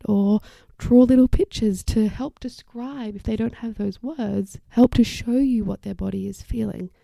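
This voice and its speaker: A woman's voice: on the high side, creaky, dry recording. A woman hosting an occupational therapy podcast, explaining ideas in a casual, chatty way and briefly acting out the voices of the people she quotes. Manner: warm explanatory, acts out little quoted voices. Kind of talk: casual educational talk.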